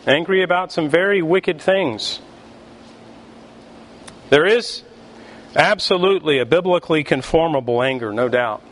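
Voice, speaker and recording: A man's voice: fairly high pitch, a little hiss or hum. Emphatic male pastor preaching. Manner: deliberate, emphatic preaching with pauses. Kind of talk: sermon.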